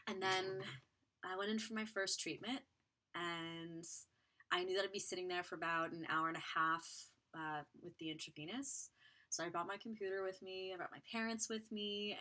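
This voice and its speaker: Young woman streamer, bright clear voice, halting candid personal story full of fillers. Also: medium pitch. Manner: candid, halting, many fillers, reads viewer comments aloud. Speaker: beauty vlogger and live streamer.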